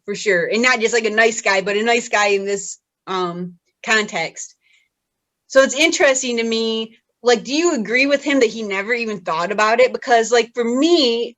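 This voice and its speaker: A woman with a slightly high voice co-hosts a podcast in a casual, chatty way. She is upbeat, laughs easily and asks lots of questions. She speaks into a studio podcast microphone. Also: a bit bright. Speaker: podcast co-host. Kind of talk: casual conversational podcast chat.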